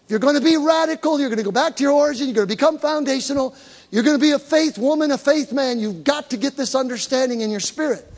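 High-voiced preacher in an echoing hall. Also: male voice, quick pace. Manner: emphatic, repeats key words and asks the crowd to answer back. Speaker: pastor. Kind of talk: sermon. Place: church hall with live congregation. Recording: long reverb of a large hall.

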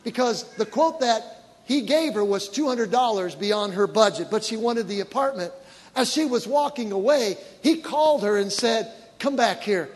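High-voiced pastor preaching in a hall. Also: male voice, normal speed. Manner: animated storytelling, rising to shouted praise. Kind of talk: sermon. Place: large church auditorium. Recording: long reverb of a large church hall with congregation. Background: faint congregation.

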